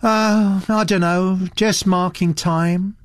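A man's voice: sits high, steady tone, slow, no echo, clean studio sound, pitched above the performer's own voice. Man doing a lazy drawling young woman. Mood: languid. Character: young woman artist, lazy, indifferent, amused.

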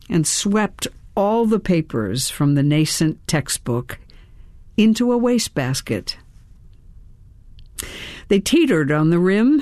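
A woman narrating her memoir in an expressive reading style, her voice rising sharply at vivid moments. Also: dry recording, clean studio sound. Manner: expressive, with sudden lifts in pitch.

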